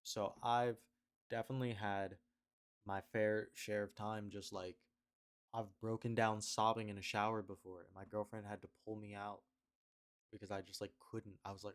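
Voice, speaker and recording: A man's voice: on the low side, flat delivery, moderate pace. Rambling young man at his webcam. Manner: rambling, self-questioning, trails off and repeats himself. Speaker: video diarist. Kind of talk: rambling confessional vlog. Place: at home at a webcam.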